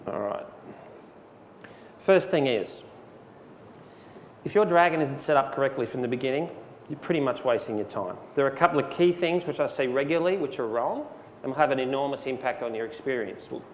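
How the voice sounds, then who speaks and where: Man demonstrating software in a hall. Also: medium pitch, brisk. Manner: relaxed, conversational, with many fillers and restarts. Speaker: presenter. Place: presentation hall. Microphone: handheld microphone. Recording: long hall reverb, faint background noise.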